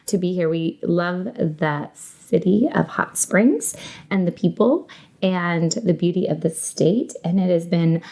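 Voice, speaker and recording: A woman's voice: lowish voice, slow, warm tone. A woman with a Northern US accent, chatting upbeat as a podcast guest and laughing easily. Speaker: podcast guest, children's ministry coordinator. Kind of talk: casual conversational interview.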